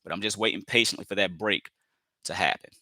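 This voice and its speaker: A man's voice: low voice, quick pace, bright, forceful tone, no echo. A man giving live commentary on his trades, repeating phrases, filling with "you know" and calling viewers family as he talks himself into staying patient.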